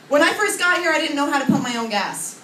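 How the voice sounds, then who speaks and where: High-voiced woman doing stand-up. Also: background noise. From Oregon, USA. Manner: chatty, self-mocking, acts out voices. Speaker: stand-up comedian. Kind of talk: stand-up comedy set. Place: comedy club stage. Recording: echoey club, recorded from far off.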